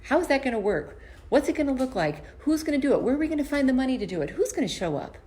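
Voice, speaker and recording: A woman's voice: sits high, sing-song, fast talker, mellow. Earnest woman giving a motivational talk. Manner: earnest, storytelling, often restarts and repeats words. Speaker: empowerment coach and comedian. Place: home basement performance space. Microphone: camera.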